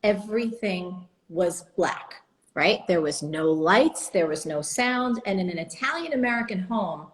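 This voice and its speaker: Woman from New Jersey, guest storyteller, animated, acts out quotes, video call. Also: lowish voice, a little slow, poor audio. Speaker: guest entrepreneur. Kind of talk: storytelling in a live video chat.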